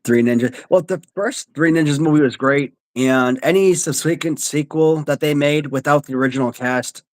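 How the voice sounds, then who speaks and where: A man's voice: a little high, moderate pace. A man in his forties, a laid-back podcast host who chats about films and laughs easily. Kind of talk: casual chat.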